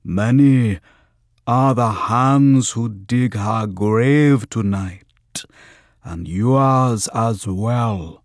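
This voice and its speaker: A man reading an audiobook, voicing a spirit that speaks through a young woman in a slow, thick, prophetic voice. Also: on the low side, no room sound, clean studio sound, voice pushed up. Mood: ominous prophecy. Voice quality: thick, glutinous voice. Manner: slow, drawn-out, prophetic menace.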